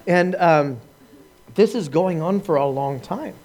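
Animated storytelling male preacher. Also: fairly high pitch, takes it slowly. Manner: animated storytelling with laughs and acted-out quotes. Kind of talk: sermon testimony.

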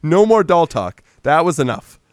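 A man casually recapping a movie in conversation, jumping into loud animated impressions of the characters and swearing freely. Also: a little high, moderate pace, no echo, studio quality. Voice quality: animated retelling, acts out characters in a raised voice, swears. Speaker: podcast co-host.

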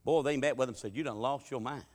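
Folksy preacher in an echoing church. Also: male voice, medium pitch, quick pace. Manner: folksy, dialect-heavy, swings from loud preaching to quiet asides. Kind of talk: sermon with humorous storytelling. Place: church sanctuary. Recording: reverberant church sanctuary.

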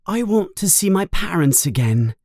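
A man's voice: sits high, normal speed, no room sound, studio quality, pitched above the performer's own voice, full character voice. A man reading a storybook aloud, voicing a young schoolboy wizard in an eager, earnest way. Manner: excited, earnest.

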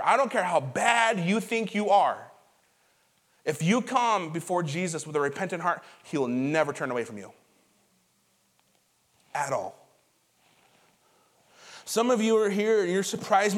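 Pastor, male, high-pitched, conversational sermon delivery, animated storyteller repeating words for emphasis. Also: measured pace, long pauses. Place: church auditorium before a congregation.

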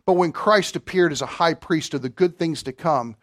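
A man delivers a sermon in a high, bright register, moving from energetic points to jokes aimed at his congregation. The sound is dry and close, with little room echo. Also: normal speed. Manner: animated, joking asides to the congregation. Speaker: pastor.

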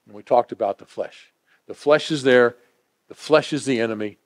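A man preaching a sermon, swinging from emphatic declarations to hushed, intimate asides. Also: medium pitch, moderate pace.

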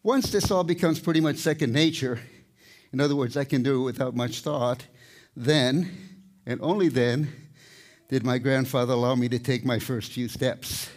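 An older man, a tightrope walker, giving a live talk with storytelling and light humor, out of breath at times. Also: medium pitch. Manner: storytelling, warm humor, pauses to catch breath. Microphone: microphone, speaking to a live audience.

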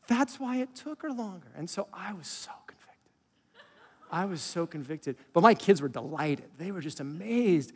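A middle-aged male pastor preaching a conversational sermon, asking the audience questions and dropping into quiet asides. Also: sits high, animated, normal speed, breathy edge, long reverb tail.

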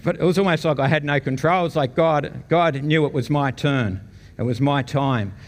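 An Australian man, a guest speaker, shares a casual personal testimony with a church congregation, telling it conversationally and chuckling often. His voice is a little high and his speed normal. The church meeting hall gives a long reverb.

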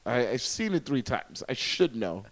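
A man's voice: mid-range voice, very animated, moderate pace. A man co-hosting a podcast, chatting casually and rambling animatedly, swearing freely. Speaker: podcast co-host. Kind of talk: casual chat.

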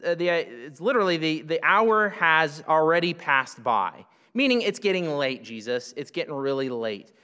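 Bright-voiced man preaching in a reverberant hall. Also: a little high, expressive, normal speed, few pauses, smooth. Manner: conversational, asks rhetorical questions, then answers them. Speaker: pastor. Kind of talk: expository sermon.

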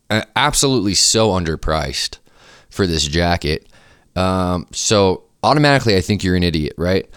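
Podcast host, young man, very low smooth voice, dry close sound, casual and profane. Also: dry recording. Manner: loose, profane, swings into animated quoted voices. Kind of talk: casual storytelling chat.

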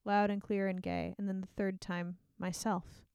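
A woman's voice: mid-range voice, level tone, normal speed, darkish tone, clean tone, no room sound, dull audio. A woman chatting casually about a book with a friend, laughing often and reading passages aloud.

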